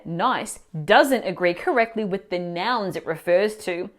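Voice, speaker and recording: A woman teacher explaining grammar mistakes in clear, instructive scripted narration, asking the viewer questions. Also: medium pitch, expressive, a little slow. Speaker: language teacher.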